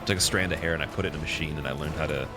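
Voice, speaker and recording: A man's voice: a bass voice, very fast, over loud music. A young man with a Canadian accent, chatting loosely on a gaming live stream, rambling with lots of fillers. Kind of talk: casual live-stream chat.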